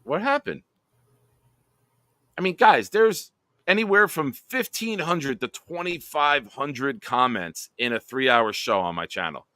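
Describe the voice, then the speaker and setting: A man's voice: mid-range voice, animated, a little slow, sharp tone, no room sound. A man hosting a casual live stream, reading viewer comments aloud and laughing often. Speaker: live show host.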